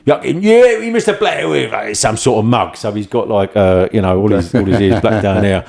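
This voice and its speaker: Guy, lowish voice, rambling through old firehouse prank stories, keeps cracking up. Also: steady tone, a little fast, a little mellow. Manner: rambling anecdotes, laughs often, acts out voices in quotes. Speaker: podcast host and former firefighter. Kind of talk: casual storytelling chat.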